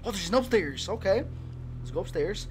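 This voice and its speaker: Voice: mid-range voice, expressive, brisk. Jumpy swearing horror game streamer. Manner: jumpy, swearing, shouting in fright. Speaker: gaming streamer. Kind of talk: horror gameplay commentary. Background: game music.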